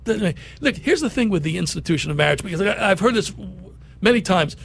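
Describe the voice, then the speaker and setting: A middle-aged man hosts talk radio with loose, rambling, jokey storytelling. His voice sits notably high for a man. The banter stays casual and conversational. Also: expressive, fast talker, creaky, a bit bright, slightly rough. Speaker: radio show host.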